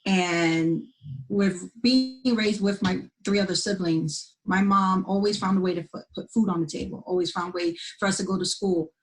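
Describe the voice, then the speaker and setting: A woman's voice: medium pitch, moderate pace, poor audio. A woman in her twenties from New York, talking candidly in a casual panel chat and laughing easily.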